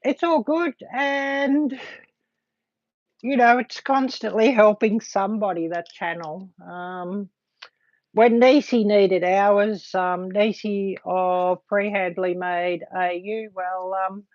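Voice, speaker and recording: Slow, halting woman livestreamer. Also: medium pitch, steady tone, a little mellow, no echo. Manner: halting, filled with frequent ums. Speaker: livestream host. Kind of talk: casual livestream chat to viewers. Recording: dull lo-fi dry sound.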